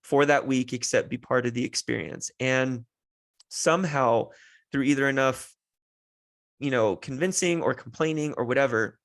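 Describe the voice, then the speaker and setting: A podcast host in his thirties, speaking in a gravelly, medium-pitched voice, tells a heartfelt personal story. He rambles and restarts many times, sounding close to tears.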